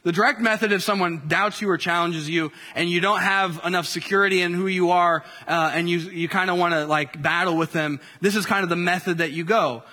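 A man's voice: sits high, steady tone, a little fast, hardly any pauses, sharp tone, in a large hall. A man preaching a sermon in an easy conversational way, full of fillers and restarts. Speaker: pastor.

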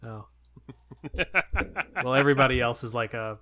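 A man playing in a tabletop game, chatting casually and making quick joking asides. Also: medium pitch, fairly even intonation, crowd noise. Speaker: player.

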